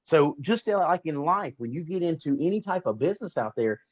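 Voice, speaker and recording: Fast-talking upbeat male host. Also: fairly high pitch, expressive, dull audio. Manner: rapid, upbeat, promotional. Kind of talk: motivational talk.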